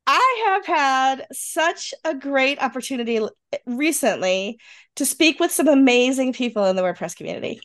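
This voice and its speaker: Chatty high-voiced Western New York woman. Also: animated, moderate pace, fairly bright tone. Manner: chatty, laughs often. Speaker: podcast co-host. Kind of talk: casual chat.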